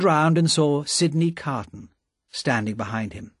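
A man narrating a story with a slow, expressive reading. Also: on the low side, husky, no echo, clean studio sound.

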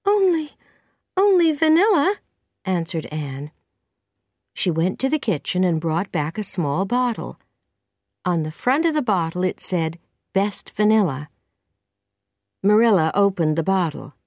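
A woman narrating a simple storybook in a clear, slow, careful way. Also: lowish voice, lively intonation, no room sound, clean studio sound. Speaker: audiobook narrator. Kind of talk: scripted narration of a simple reader.

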